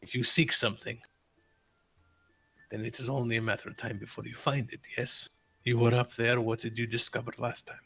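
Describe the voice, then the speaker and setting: A man's voice: medium pitch, level tone, brisk, creaky, sharp tone, faint music behind. A man doing a guarded old former adventurer.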